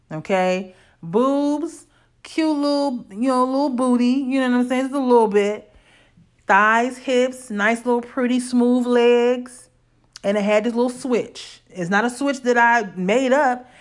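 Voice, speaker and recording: A woman in her forties from Illinois, telling a personal story in a candid, conversational way with casual slang. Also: on the high side.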